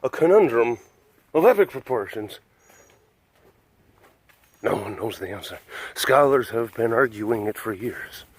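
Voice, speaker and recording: Chatty man with a lively, bouncy voice. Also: mid-range voice, a little slow, long pauses, breathy edge, no echo. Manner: chatty, with affectionate baby talk to the cats. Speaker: animal sanctuary webcast host. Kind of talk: casual walking vlog. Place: outdoors at a big cat compound.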